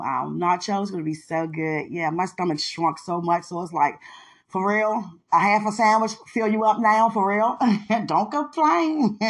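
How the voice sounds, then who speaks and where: A woman hosts a relaxed solo podcast, chatting upbeat and laughing often. She slips into snatches of song now and then, and speaks with heartfelt religious thankfulness. Her voice sits at a middling pitch. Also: creaky. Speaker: podcast host. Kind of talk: casual solo chat.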